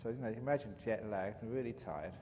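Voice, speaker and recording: A man's voice: on the low side, fast. Man telling a story in a hall. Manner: animated, chatty storyteller with frequent "you know". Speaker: monk giving a teaching. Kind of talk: storytelling dharma talk. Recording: reverberant hall, faint background noise.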